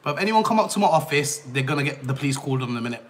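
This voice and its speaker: A man's voice: mid-range voice, animated, very fast. A brash young man, chatting on a live stream and repeating himself to cut in. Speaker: livestreamer. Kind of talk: casual live stream chat.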